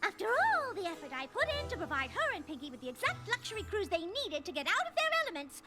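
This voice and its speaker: A woman voicing a posh, dramatic, fashionable female unicorn who speaks in a refined, theatrical way with drawn-out vowels. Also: very high voice, sing-song. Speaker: cartoon character and narrator. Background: loud cartoon music.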